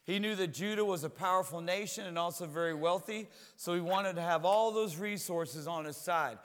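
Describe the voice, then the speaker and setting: A man's voice: high voice, normal speed, long reverb tail. A man preaching a sermon as a pastor, talking in a conversational way and often repeating words as he goes.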